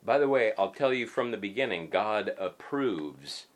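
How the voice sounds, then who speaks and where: A man's voice: mid-range voice, fast talker. A man preaching a conversational sermon as pastor, emphatic and folksy, repeating his points with casual asides.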